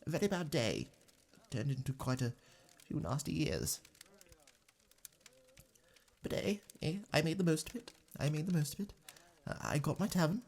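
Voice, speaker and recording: Casting: a man as a courteous male tavern keeper for ASMR role-play, warm mellow tone, lively pitch, soft halting politeness, faint music underneath. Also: slight background noise. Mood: reassuring.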